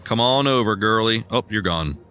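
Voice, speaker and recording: A young man chatting casually while he plays a video game, self-deprecating and given to sudden excited yelps. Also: lowish voice, normal speed, slight background noise. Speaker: gaming streamer. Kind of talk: casual rambling gameplay commentary.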